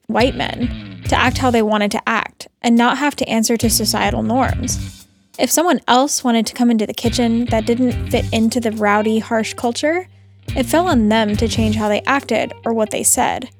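A woman who hosts a podcast and works as a cook, narrating in a measured, reflective way. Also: fairly high pitch.

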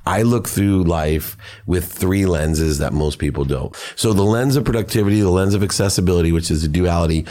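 Deep-voiced middle-aged man telling his story. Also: fairly quick, hardly any pauses, mellow. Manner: earnest, emotional storytelling. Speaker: podcast guest. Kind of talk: personal storytelling.

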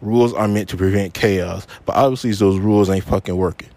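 A man's lowish, darkish voice, fairly even in intonation, comes a little fast in this solo podcast rant. The host is angry, upset and frustrated, swearing heavily and repeating himself to underline his points.

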